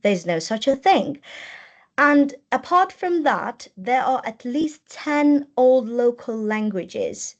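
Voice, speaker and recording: Speaking slowly in a higher, animated voice, a woman delivers a webinar lecture through a computer mic on a video call, and the recording sounds muffled. Her style is explanatory, and she tends to repeat and rephrase things.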